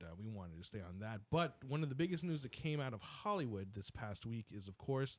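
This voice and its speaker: A man hosting a podcast in casual chat, drawing out words for emphasis. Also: mid-range voice. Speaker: podcast host.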